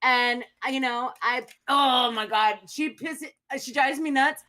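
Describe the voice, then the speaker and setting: A woman's voice: high-pitched, a little slow, bright, forceful tone. A woman co-hosting a podcast in casual chat, rambling and sarcastic with plenty of swearing. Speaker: podcast co-host.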